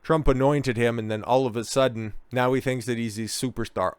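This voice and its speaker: A man delivers a heated, profanity-laced political rant full of sarcasm. His voice is smooth and resonant with a mid-range pitch, and the sound is dry and close. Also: steady tone, a little fast, hardly any pauses, no room sound. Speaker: political commentator. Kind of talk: ranting video commentary.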